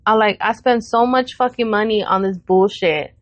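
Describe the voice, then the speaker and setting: A woman's voice: mid-range voice, normal speed, no echo. A woman in her thirties on a podcast, telling a family story in casual chat, swearing freely and acting out what each person said. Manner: animated retelling with quoted voices, frequent swearing. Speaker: podcast co-host.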